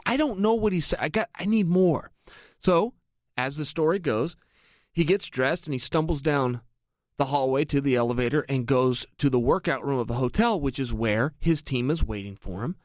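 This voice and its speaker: High, lively-voiced man telling a story. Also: normal speed, no echo, studio quality. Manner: energetic, addresses listeners directly. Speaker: MMA analyst. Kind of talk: animated anecdotal storytelling.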